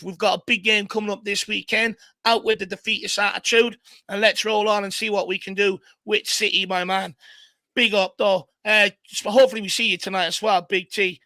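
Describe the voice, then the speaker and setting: An Irish man hosts a live fan stream, chatty and easygoing as he reads out viewer messages. His voice sits high and bright. The sound is close and dry. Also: dry recording. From Ireland. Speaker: fan show host. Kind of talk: casual live-stream chat.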